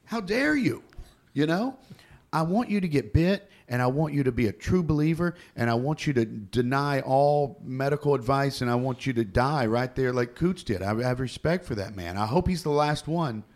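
A man co-hosting a casual chat, rambling and animated as he tells stories and laughs. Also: medium pitch, moderate pace.

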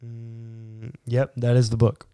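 Man, podcast co-host, mellow smooth voice, dry sound, chatty and joking. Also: mid-range voice, completely flat delivery, slow, dry recording. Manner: chatty, joking, thinks aloud. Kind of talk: casual chat about prayer and faith.

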